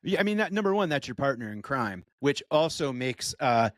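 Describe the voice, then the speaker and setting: A man's voice: mid-range voice, very animated, brisk, a bit bright, no echo. A male stand-up comedian co-hosting a podcast, chatting casually with emphatic, profane riffs. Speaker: podcast co-host.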